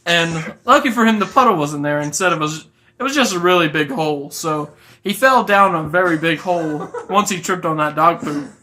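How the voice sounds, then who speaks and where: Man storyteller, bright tone, rambling, filler-heavy comic improv. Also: fairly high pitch, moderate pace, a little hiss or hum. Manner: rambling, many fillers, laughs at own story.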